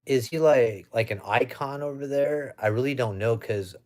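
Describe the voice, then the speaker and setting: Streaming live from home, this young man from the United States reads viewer comments aloud in a relaxed, chatty manner. He speaks at a normal speed with a medium-pitched, somewhat dark tone, picked up by a webcam or phone.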